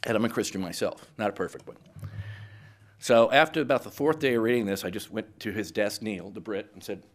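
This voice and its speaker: A middle-aged man speaking as a guest to a live audience, telling lively stories and acting out both sides of conversations. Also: on the low side, brisk. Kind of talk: anecdotal speech to a live audience.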